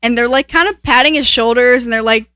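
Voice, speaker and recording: Bright animated young woman podcaster. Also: on the high side, fairly quick, dry recording, clean studio sound. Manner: animated storytelling, laughs often. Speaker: podcast co-host. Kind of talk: casual chat.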